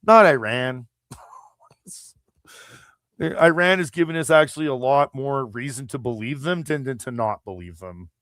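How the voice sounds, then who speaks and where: A man's voice: medium pitch, takes it slowly, pauses often, fairly bright tone, dry recording, clean studio sound. A man from Canada hosting a live chat stream, delivering a profane, heated, rambling political rant. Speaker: livestream host.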